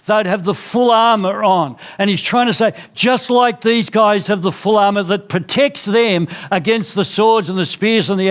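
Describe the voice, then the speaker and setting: Aussie pastor guy giving a sermon, highish voice, earnest, trips over his words a bit. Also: a bit bright. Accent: Australian. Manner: earnest, with frequent restarts and drops in pitch. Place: church.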